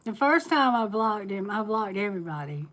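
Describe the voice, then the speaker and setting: A woman's voice: medium pitch, sing-song, moderate pace, a bit bright, rough recording. A woman tarot reader chatting candidly on a live stream, telling personal stories and laughing often. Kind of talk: casual live-stream chat.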